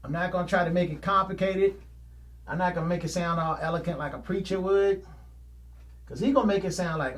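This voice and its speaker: A man's voice: high voice, a little fast, a bit bright. A man hosting his own painting show, talking in a casual, plain-spoken, folksy ramble and laughing often.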